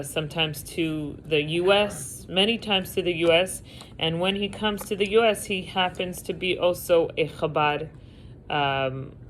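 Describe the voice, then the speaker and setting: A woman teaching a class, telling a story with lively delivery over a video call from home. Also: deep voice, a little hiss or hum, rough recording. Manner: animated storyteller, acting out quotes.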